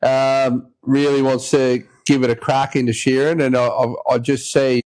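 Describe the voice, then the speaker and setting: An Australian man hosting a podcast, spinning a long, rambling yarn in a relaxed, chatty manner. His voice sits at a middle pitch and slips into quick impressions of the people in his story. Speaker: podcast host. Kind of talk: casual storytelling chat.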